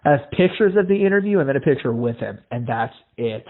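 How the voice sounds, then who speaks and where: A man's voice: mid-range voice, lively intonation, quick pace. A male podcast host from Iowa, telling stories in casual chat, acting out the voices in them and swearing freely. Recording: tinny phone-like lo-fi audio.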